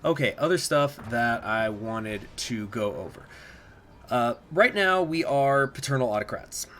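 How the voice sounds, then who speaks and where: A man giving a casual gameplay walkthrough as a strategy game guide host, explaining as he goes and pausing often to think aloud. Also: mid-range voice, expressive, fairly bright tone. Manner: chatty, explanatory, thinks aloud with many filler pauses.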